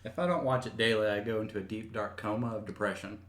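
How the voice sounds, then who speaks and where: A young man with a slightly low voice chats casually on a podcast, easygoing and deadpan. The recording has a roomy echo. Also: quick pace. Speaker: podcast co-host. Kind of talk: casual chat.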